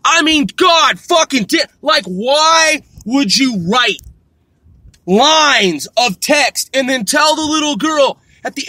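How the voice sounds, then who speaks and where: A man's voice: extremely high pitch, lively intonation, slow, bright, forceful tone, no room sound. A middle-aged man ranting in an exasperated, profane way, repeating himself and swearing constantly. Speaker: vlogger. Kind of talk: ranting monologue.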